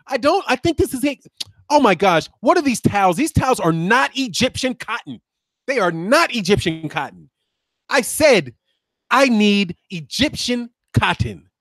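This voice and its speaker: A man's voice: sits high, a bit bright, dry recording, exaggerated voice. A man mimicking a fussy, pampered male star boxer in a whiny mocking voice.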